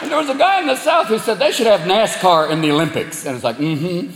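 A man doing a profane, animated stand-up routine in a large theater. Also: sits high, fast talker, creaky, noisy background. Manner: animated, profane, flips into voices. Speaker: stand-up comedian. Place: large theater with live crowd. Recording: roomy live show recording with crowd.

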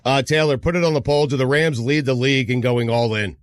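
A man's voice: medium pitch, fairly even intonation, a little fast, dry recording. A man with a New York accent hosting a sports talk show, bantering loosely and laughing often. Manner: loose, laughing banter, directs co-hosts by name. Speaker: sports radio host.

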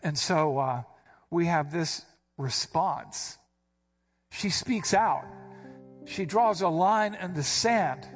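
A man's voice: fairly high pitch, slow pace, pauses often, faint music behind. A man preaching an expository sermon, explaining a passage in a teacherly, emphatic way and punching out key words. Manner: emphatic, stresses quoted words with sudden rises. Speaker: pastor.

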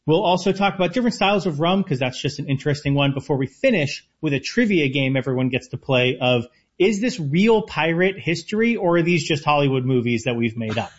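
A man co-hosts a casual radio food show and explains things eagerly. His voice sits a little high and sounds husky. The audio is muffled and lo-fi. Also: expressive, brisk, hardly any pauses. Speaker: co-host, chef.

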